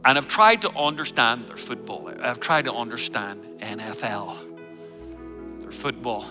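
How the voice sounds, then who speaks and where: A man preaching a sermon to a congregation as a guest pastor, humorous and energetic. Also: mid-range voice, measured pace, faint music behind. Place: church service before a congregation.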